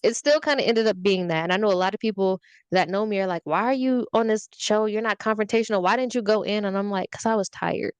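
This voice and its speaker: A woman's voice: medium pitch, fast talker, clean tone, no room sound. Young woman, podcast guest, sassy storyteller, dry close mic. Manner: petty, candid, animated storytelling with swearing. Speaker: podcast guest, social media influencer. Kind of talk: casual podcast chat.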